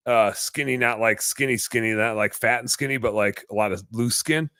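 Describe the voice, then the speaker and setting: Man, young adult, casual storyteller, animated, cursing, dry close mic. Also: medium pitch, normal speed, dry recording. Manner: animated, swears freely, acts out quotes loudly. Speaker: podcast guest.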